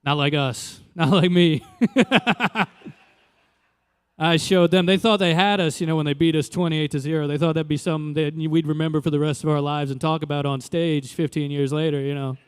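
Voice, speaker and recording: A young adult man from Louisiana doing a stand-up comedy set in a loose, conversational way, jumping into animated quoted voices. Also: a little high, brisk, few pauses, clear, resonant tone, in a large hall. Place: live comedy venue.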